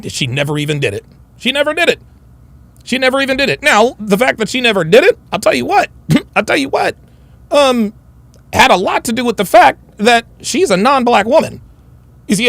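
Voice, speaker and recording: A male livestream host reads super chats and goes on a blunt, combative rant, swearing heavily. His voice is high and fairly bright with vocal fry, and there's no echo.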